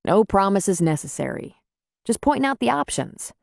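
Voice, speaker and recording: A woman voicing a calm, plain-spoken man who runs a small-town bar, in an audiobook. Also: mid-range voice, normal speed, gravelly, no echo, studio quality. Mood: steady. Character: Jack, male small-town bar owner, calm and steady.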